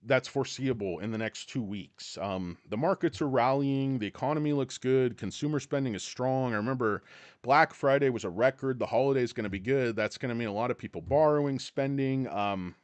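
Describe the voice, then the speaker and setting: A man's voice: medium pitch, brisk, no room sound. A man hosting a casual livestream, rambling and a bit profane as he greets viewers by name. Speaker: livestream host. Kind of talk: casual live-stream chat.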